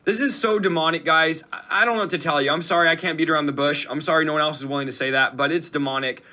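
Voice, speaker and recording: An emphatic male host delivers indignant commentary directly to his audience. His voice sits a bit high, with a bright, sharp edge. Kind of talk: commentary on played clips.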